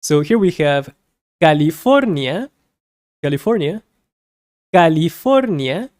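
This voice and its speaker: Slow, lively-voiced language teacher. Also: mid-range voice, no echo, clean studio sound. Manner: slow, repeats each word several times for learners; explains in plain terms with small personal asides. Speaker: Spanish teacher. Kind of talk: beginner language lesson.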